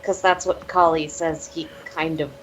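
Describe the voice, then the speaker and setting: Expressive woman player, hissy mic. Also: sits low, normal speed, lo-fi sound. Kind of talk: casual tabletop play.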